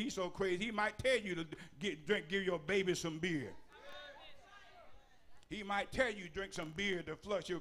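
High, bright-voiced man with fire. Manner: rhythmic preaching, building to shouted repetitive lists; folksy, with dialect grammar and humor. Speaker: bishop preacher. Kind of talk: sermon.

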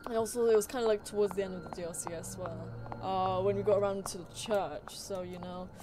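A woman's voice: mid-range voice, fairly even intonation, brisk, background noise. A woman streamer thinking aloud and swearing casually as she plays a game live, with game music behind her. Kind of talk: live gameplay commentary.

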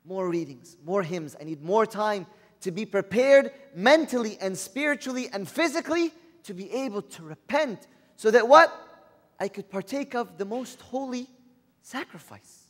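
Brief: male preacher, high voice, earnest sermon full of rhetorical questions, long hall reverb. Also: expressive, moderate pace.

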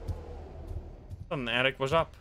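A man's voice: mid-range voice, pushed and bright, slight background noise. A young man streaming a horror game, reading its text aloud with chatty, wry asides and the odd curse. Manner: chatty and wry, reacts with quick asides and swearing.

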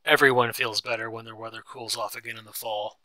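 A man reading the lines of a calm, level-headed young woman who soothes a friend in a storybook. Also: on the low side, brisk, no room sound. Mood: soothing.

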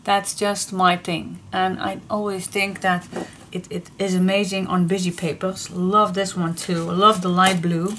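A middle-aged woman with a Dutch accent hosting a paper craft vlog, gushing and excitable, often repeating her delight. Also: mid-range voice, takes it slowly, slight background noise. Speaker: paper craft channel host.

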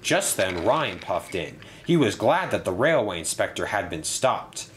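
A man narrating a toy-train story in a lively, expressive storybook style. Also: lowish voice, unhurried, slight background noise.

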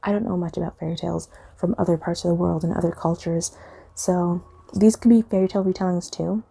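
A young woman rambles chattily to her camera in a dark, mellow tone. Her voice is gravelly and husky, with fillers as she drifts from thought to thought. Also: lowish voice, fairly even intonation, a little fast. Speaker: reading vlogger. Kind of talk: casual chat.

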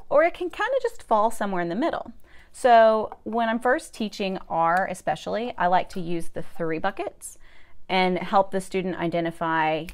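A woman's voice: mid-range voice, moderate pace. A young adult woman, a speech therapist, explaining a classroom activity step by step in an upbeat, chatty way with some fillers. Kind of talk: instructional video demonstration.

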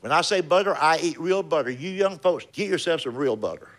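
A man's voice: fairly high pitch, animated, brisk. An older man, telling folksy stand-up stories and chatting. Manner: folksy Southern storytelling, drawling punchlines. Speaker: stand-up comedian. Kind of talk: stand-up comedy set, then chat. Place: comedy club stage.

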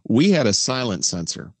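A man, a former radio broadcaster, telling animated stories as a podcast co-host. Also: mid-range voice, measured pace, breathy edge, no room sound. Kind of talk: casual chat.

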